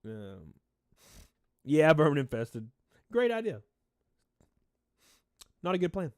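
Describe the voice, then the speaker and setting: A man with a slightly high voice and big pitch swings speaks slowly as he hosts a casual livestream, recorded clean in a studio with no echo. Stuffy-nosed and a little out of breath, he rambles, reads chat names aloud, and shouts out donors.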